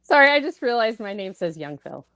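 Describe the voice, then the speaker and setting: A woman co-hosting a pop-culture podcast, unhurried and playful. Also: a little high, big pitch swings, bright, forceful tone, no room sound, lo-fi sound. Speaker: podcast co-host. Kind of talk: casual chat.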